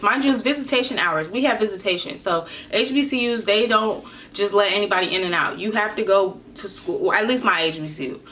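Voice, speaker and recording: A young woman vlogger telling a casual storytime in a slangy, animated way, acting out what people said. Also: medium pitch. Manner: animated, slangy, acts out quotes.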